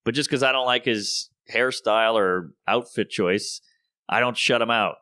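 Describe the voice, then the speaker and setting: A man, a comedian, talking in a casual podcast conversation and telling animated stories, acting out the voices of people he quotes. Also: mid-range voice, normal speed, dry recording, clean studio sound. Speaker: comedian guest.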